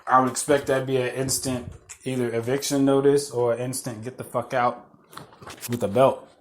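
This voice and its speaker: A man's voice: mid-range voice, little pitch movement, normal speed, slight background noise. A man hosting a podcast, rambling through casual stories, swearing freely and laughing at himself. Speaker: podcast host. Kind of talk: casual storytelling monologue.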